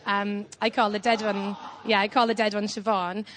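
A young Irish woman doing standup on a club stage, telling a whimsical, rambling story in a deadpan way, with lots of ums. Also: mid-range voice, normal speed, slight background noise. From Ireland. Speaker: standup comedian. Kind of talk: live standup set.

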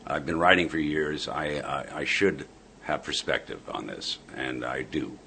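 A middle-aged man answering interview questions in a halting way, with frequent fillers and dry asides. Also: rumbling low, vocal fry, pushed and bright, a little hiss or hum. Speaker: interview guest, comedian. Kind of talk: casual interview chat.

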